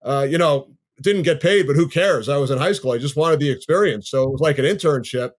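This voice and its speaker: Man in his fifties, sports broadcaster, from Long Island, measured storytelling, slightly high pitch. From Long Island, New York. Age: 50s. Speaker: sports play-by-play broadcaster, guest. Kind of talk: podcast interview storytelling.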